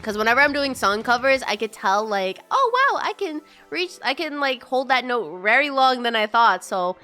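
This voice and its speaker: Bubbly girl streamer chatting w chat, high bright voice, light music behind. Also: sing-song, normal speed. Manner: bubbly, chatty, greets viewers in a high sing-song, often laughing. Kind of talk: casual live-stream chat.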